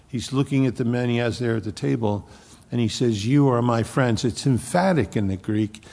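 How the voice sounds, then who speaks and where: A man preaching a sermon, swinging from loud emphasis to hushed near-whispers. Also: medium pitch, normal speed, long reverb tail. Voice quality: gravelly, husky voice. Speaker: pastor.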